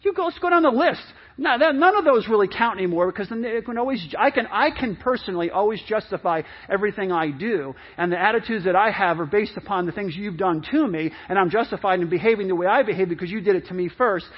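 High-voiced husky male pastor preaching. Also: lively intonation, fast, few pauses, dull audio. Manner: conversational, repeats and restarts, acts out quoted excuses. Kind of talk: sermon.

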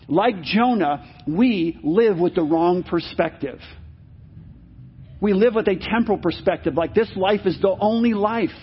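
A man's voice: high voice, moderate pace, husky. A male pastor preaching a sermon, emphatic and repeating his key phrases. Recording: dull lo-fi sermon recording.

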